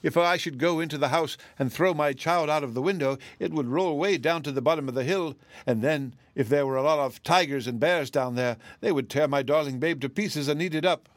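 A man's voice: fairly high pitch, fairly quick, hardly any pauses, dry recording, clean studio sound, voice pushed up, natural voice. A man voicing a frantic, worrying mother in a storybook reading, pleading in a raised, breathless way.

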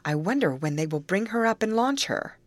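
A woman reading aloud, voicing an eager, teasing teenage girl with a bright, brisk manner. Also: mid-range voice, lively intonation, dry recording, voice pushed up, natural voice.

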